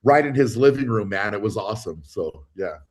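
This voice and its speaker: A man chatting casually as a livestream guest, relaxed and halting, with many fillers and restarts. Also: fairly low pitch. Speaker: guest athlete.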